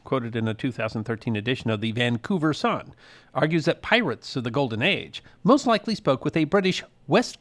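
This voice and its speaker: A man hosting a history show, giving scripted narration with a wry, measured storytelling delivery. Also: fairly high pitch, fairly bright tone.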